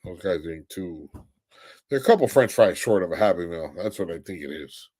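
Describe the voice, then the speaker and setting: A young man hosting a late-night live stream, worn out and ready for bed. His voice sits a little low as he trades crude, mocking jokes and reads out comments from his viewers. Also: lively intonation, moderate pace, a little mellow. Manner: crude, mocking trash talk, often laughing. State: tired. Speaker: livestream host. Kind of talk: casual livestream chat.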